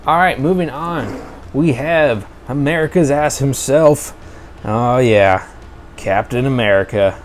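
A man casually reviewing toy cars for a video, chatty and enthusiastic, thinking out loud as he goes. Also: medium pitch, animated, unhurried, a little hiss or hum.

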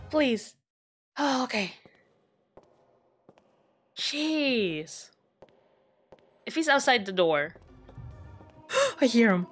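A woman's voice: high-pitched, bright, forceful tone. A young woman giving jumpy, chatty commentary while playing a horror game, talking to herself and laughing at the scares. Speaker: gaming YouTuber.

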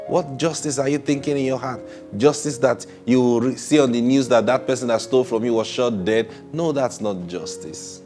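A man preaching a sermon, swinging between loud exclamations and hushed, slow asides, and acting out prayers and conversations. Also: mid-range voice, over music. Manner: acts out prayers and conversations in changed voices.

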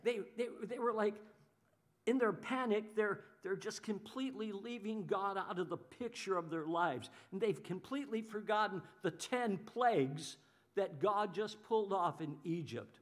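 A man preaching a sermon as pastor, animated, often voicing the people he talks about and repeating his words. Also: high voice, normal speed.

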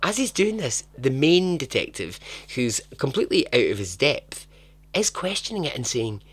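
A man's voice: medium pitch, very animated, normal speed, slightly rough. A man hosting a storytelling podcast, narrating in a chatty, dramatic way with joking asides. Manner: chatty, dramatic, laughs at his own asides. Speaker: podcast host.

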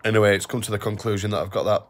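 A man vlogging to camera while ill, talking quietly and apologetically. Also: fairly low pitch, flat delivery, racing. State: ill and weak. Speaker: hiking vlogger. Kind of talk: casual vlog to camera.

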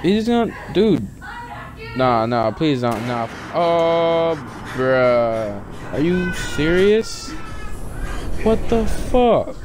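A man's voice: on the high side, big pitch swings, very slow, noisy background. A young man casually commentating a video game he is playing, joking and swearing as he reacts. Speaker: gaming YouTuber. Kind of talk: casual let's-play commentary.

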